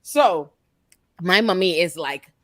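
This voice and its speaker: Animated woman telling a funny story. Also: on the low side, slow, dry recording, clean studio sound. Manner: dramatic, laughing, acts out voices in stories. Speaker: podcast co-host. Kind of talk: casual chat and storytelling. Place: studio. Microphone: studio mic.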